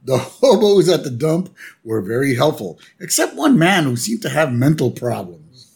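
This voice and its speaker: A man's voice: a little high, sing-song, normal speed, gravelly, a little mellow, husky, exaggerated voice. A man doing Marge Simpson, a chirpy cartoon mom. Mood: prim cheerful. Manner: prim, chirpy and naive. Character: fussy cheerful cartoon mom, middle-aged woman.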